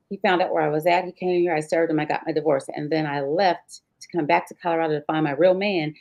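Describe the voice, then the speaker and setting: A woman's voice: sits low, a little mellow. A woman guest on an interview show, telling a painful personal story vividly and acting out the dialogue.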